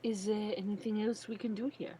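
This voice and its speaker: A woman's voice: medium pitch, steady tone, brisk, mellow, slight background noise. A woman streaming a game, chatting in a playful, teasing way. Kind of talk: casual chat while streaming.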